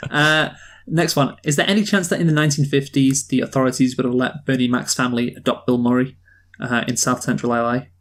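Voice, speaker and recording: Man, middle pitch, podcast co-host, wry, casual. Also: steady tone, a little fast. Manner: wry, leads the list of complaints. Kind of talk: casual chat.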